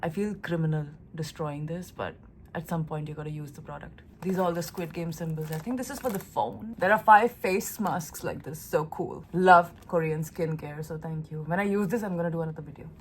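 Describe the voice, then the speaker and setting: A young woman from India chats to camera in a casual vlog, gushing and emotional as she talks. Her voice sits a little low for a woman. A faint room ambience hums behind her. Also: brisk, slight background noise. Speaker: lifestyle vlogger.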